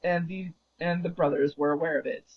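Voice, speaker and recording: Rambling man with a husky, raised voice. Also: fairly high pitch, fairly even intonation, a little fast. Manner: rambling, often correcting himself mid-sentence. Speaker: gaming livestreamer. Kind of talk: casual storytelling while gaming. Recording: dull lo-fi recording.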